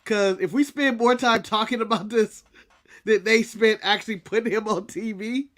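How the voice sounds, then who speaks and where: A man's voice: high voice, steady tone, moderate pace, a bit bright. A man from the United States co-hosting a casual wrestling recap, joking, teasing and laughing often. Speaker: podcast co-host.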